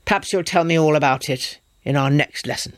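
A man's voice: a little high, brisk, no echo, studio quality, natural voice. A man voicing a short, dismissive official who speaks curtly.

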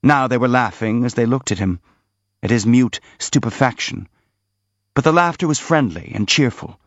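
A man narrating a literary audiobook in an expressive, measured reading. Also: medium pitch, no room sound. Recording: slightly dull dry recording.

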